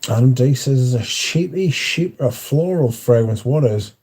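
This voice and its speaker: A man's voice: mid-range voice, lively intonation, unhurried, a little mellow, breathy edge. A man hosting a livestream in casual chat, reading out viewer comments and answering them in a dry, offhand way.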